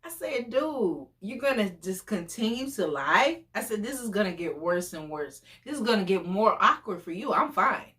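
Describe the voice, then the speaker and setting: A woman in her forties telling a story casually, animated and exclamatory, often breaking into laughter. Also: medium pitch, normal speed, hardly any pauses. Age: 40s. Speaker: storytime vlogger.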